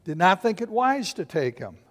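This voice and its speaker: A man preaching a sermon as pastor, animated, acting out little voices and asking the congregation questions. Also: high voice, normal speed, in a large hall.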